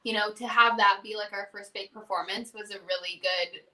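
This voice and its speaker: A woman's voice: mid-range voice, a little fast, distant mic. A young woman guest, one half of a music duo, telling stories in a casual interview chat and acting out past exchanges. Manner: animated storyteller who acts out past exchanges.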